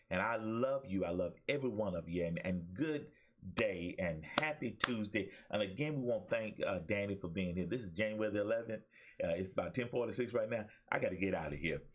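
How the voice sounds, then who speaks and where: A man's voice: low voice, breathy edge. A man with an Alabama accent hosting a talk show and preaching motivational messages straight into his webcam, with call-and-response phrases to his viewers. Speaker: talk show host and pastor.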